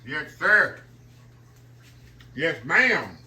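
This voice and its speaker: Chatty Southern man, bright folksy voice. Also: a little high, big pitch swings, drawn-out words. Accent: Southern American. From Southern United States. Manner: folksy, chatty, keeps addressing viewers as y'all. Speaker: cooking vlogger. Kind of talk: casual cooking vlog. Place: home kitchen.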